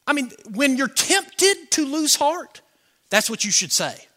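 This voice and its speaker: A pastor preaches with a notably high, bright, ringing voice. He jokes with the congregation and swings from quiet, murmured asides to loud, shouted lines. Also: moderate pace. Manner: animated, joking preacher with swings from soft to shouted. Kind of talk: sermon.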